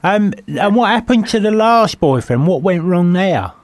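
A man's voice: high-pitched, animated, unhurried, dry recording. A man co-hosting a comedy show, quizzing a caller with teasing, playful banter. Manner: teasing, playful, swooping intonation. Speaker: co-host.

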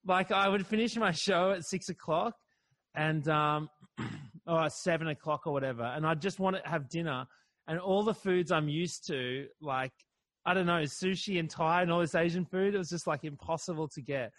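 A comedian from Australia chatting casually, rambling and self-deprecating, swearing now and then. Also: male voice, on the high side, normal speed, fairly bright tone. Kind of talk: casual chat.

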